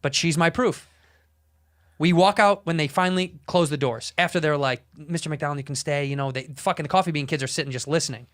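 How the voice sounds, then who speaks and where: Man telling a story, smooth and resonant. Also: fairly high pitch, a little fast. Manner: animated, profane, rambling. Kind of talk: casual storytelling.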